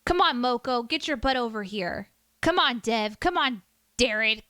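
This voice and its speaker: A woman's voice: a little high, animated, moderate pace, bright, forceful tone, no room sound. A woman streamer chatting casually with her viewers, reading chat aloud and teasing herself. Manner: chatty, self-deprecating, reads chat aloud.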